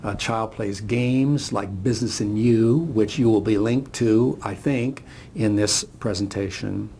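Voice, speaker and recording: Gravelly older man telling a story. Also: fairly low pitch, unhurried, mellow, slight background noise. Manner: reflective, storytelling. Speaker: speaker. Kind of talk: motivational talk, storytelling.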